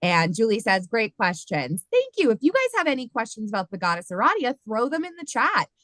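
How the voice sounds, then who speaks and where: A woman's voice: fairly high pitch, big pitch swings, fairly quick, a bit bright, no room sound. A woman hosting a live-streamed spiritual discussion, chatty and upbeat as she reads out viewer comments. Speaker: host.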